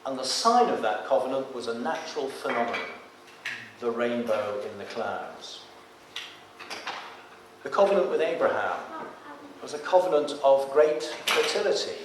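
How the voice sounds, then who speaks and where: A man's voice: medium pitch, animated, moderate pace, long pauses, noisy background. A man preaching a sermon in a church. He reads scripture aloud with rising force. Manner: rises to loud emphatic reading of scripture. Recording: echoey church from a distance.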